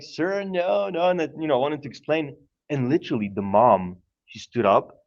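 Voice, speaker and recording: Animated Polish-accented man telling stories. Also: mid-range voice, muffled recording. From Poland. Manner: animated, repeats words, laughs often. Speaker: podcast guest. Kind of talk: casual storytelling.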